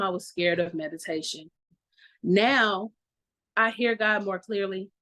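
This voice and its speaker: A woman's voice: mid-range voice, low-quality recording. A woman giving a candid testimony in an online meeting, blunt and profane, laughing often. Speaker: meeting participant. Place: video call at home. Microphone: video call.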